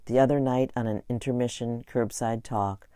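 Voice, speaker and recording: Brief: sarcastic pushy theater manager, voiced by a man reading aloud, mellow and dry. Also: medium pitch, fairly even intonation, moderate pace, smooth, no room sound, natural voice. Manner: sarcastic, challenging questions.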